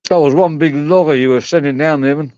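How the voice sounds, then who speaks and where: A man's voice: a little high, a little fast, darkish tone, no echo, highs cut off. A man rambling and swearing in casual banter on a video call. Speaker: live stream participant.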